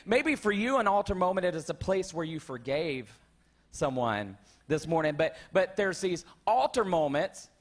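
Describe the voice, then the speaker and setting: A male pastor preaching a sermon to his church, conversational and calling out to the congregation. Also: high voice. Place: church sanctuary.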